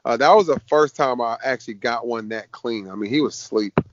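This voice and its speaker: A man, a fighter being interviewed, telling stories in a casual, lively way. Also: medium pitch, brisk, no room sound. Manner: lively storyteller, acts out quoted voices. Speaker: MMA fighter guest. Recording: dull dry podcast audio.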